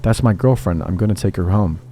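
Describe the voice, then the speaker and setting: A man's voice: deep voice, a little fast, warm tone, a little hiss or hum, close to an everyday voice. A man voicing a drunk, angry short guy. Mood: pushy.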